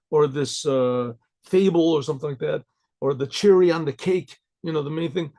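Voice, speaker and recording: A rabbi teaching a Torah class in a loose, halting way, repeating words and often clearing his throat. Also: fairly high pitch, a little mellow. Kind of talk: informal Torah lecture.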